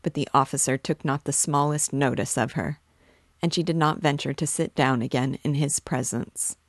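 A woman reads a classic novel aloud in a measured, steady way. Her voice sits low. The sound is dry and close to the mic. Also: no echo. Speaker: host reading a novel aloud.

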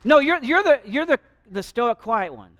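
A man preaching a sermon in a church sanctuary, animated and shifting loudness for emphasis. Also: extremely high pitch, moderate pace, muffled recording. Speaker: pastor.

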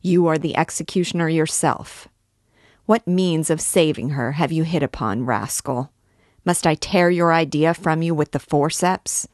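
Woman voicing a curt, harsh male priest, deep and slow, dry close sound. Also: a little mellow, no echo. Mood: impatient. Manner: curt, cold. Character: stern impatient male priest, cold and harsh.

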